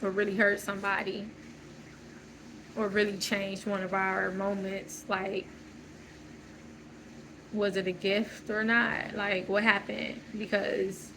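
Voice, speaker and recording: A woman's voice: medium pitch, little pitch movement, slow, vocal fry, pauses often, noisy background. A woman talking through a loose, searching personal monologue, full of fillers and restarts. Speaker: channel host.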